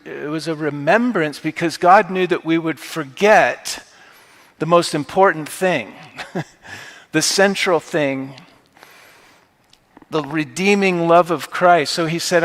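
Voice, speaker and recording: A man's voice: fairly high pitch, measured pace, fairly bright tone, long reverb tail. A man preaching a sermon as pastor, talking conversationally and rising now and then into emphatic bursts. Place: church sanctuary.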